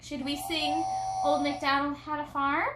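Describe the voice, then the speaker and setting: A mother hosting a home video, teaching her child farm animal sounds and signs in a slow, sing-song way meant for a small child. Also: high-pitched, level tone. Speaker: mother and channel host. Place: home room, playing with a toy farm. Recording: echoey room with background noise.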